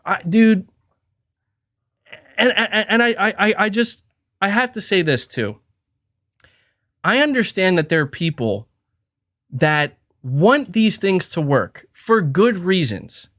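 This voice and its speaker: Male podcast host, swearing rant, very lively pitch, keeps restarting. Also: unhurried, pauses often. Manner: profane and emphatic, frequent restarts.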